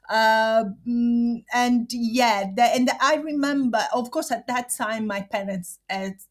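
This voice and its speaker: Halting Italian-accented woman. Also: mid-range voice. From Italy. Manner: halting, searching for words in non-native phrasing. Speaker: podcast guest. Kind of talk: personal storytelling. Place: studio sat with hosts.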